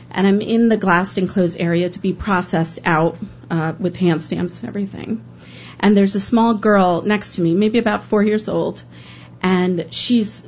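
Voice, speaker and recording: A woman's voice: mid-range voice, darkish tone, dull audio. A woman storyteller giving an earnest, emotional first-person account live on stage.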